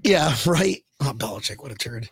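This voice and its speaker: A man co-hosting a sports fan podcast, rambling and hyped, with loud bursts of laughter and yelling. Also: medium pitch, lively intonation, moderate pace, vocal fry, slightly rough, no room sound. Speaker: podcast co-host. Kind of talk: excited sports fan chat.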